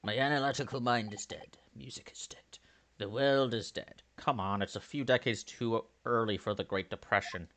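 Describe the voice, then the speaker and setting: A man voicing a weary, theatrical male detective in a low, breathy half-whisper. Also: normal speed, few pauses, fairly bright tone, lightly acted. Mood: despairing.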